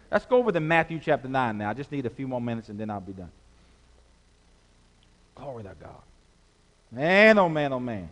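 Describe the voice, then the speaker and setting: A man's voice: mid-range voice, a bit bright, highs cut off. A man preaching a sermon as pastor, working the congregation with call-and-response and stretched-out emphasis. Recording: long hall reverb.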